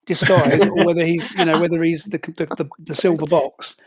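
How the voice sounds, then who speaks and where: A man's voice: on the high side, fairly even intonation, normal speed, a loud crowd. A man narrating a tabletop game as game master, rambling with many fillers and restarts.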